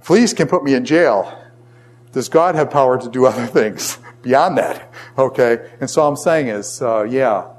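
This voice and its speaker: A middle-aged man lectures his college class through a long personal story. He rambles, piles on fillers and restarts, and grows animated as he talks. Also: medium pitch, moderate pace. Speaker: college professor.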